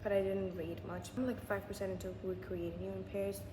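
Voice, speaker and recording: Chatty excitable woman, native Arabic speaker. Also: mid-range voice, fast, few pauses, background noise. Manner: chatty and excitable, lots of "like" fillers. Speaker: book vlogger. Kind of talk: casual reading vlog chat.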